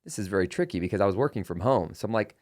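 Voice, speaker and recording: Racing along in a voice on the low side, a middle-aged man hosting a podcast shares a personal story in a conversational way. He animatedly performs the dialogue he quotes.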